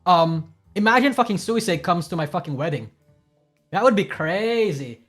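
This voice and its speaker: A man's voice: sits high, expressive, moderate pace, a bit bright, faint music behind. A man casually commenting as a streamer reacting to clips, profane, rambling and self-deprecating.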